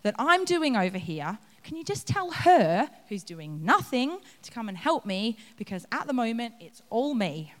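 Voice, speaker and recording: A woman's voice: on the high side, big pitch swings, moderate pace, few pauses. A woman voicing a harried, complaining hostess in a sermon retelling, in a hall with long reverb. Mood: exasperated.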